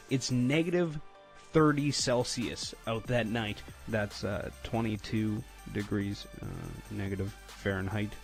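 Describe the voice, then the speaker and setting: A young man from Canada telling a story to his viewers, rambling with lots of fillers and frequent laughter. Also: mid-range voice. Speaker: storytime vlogger. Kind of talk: casual storytelling.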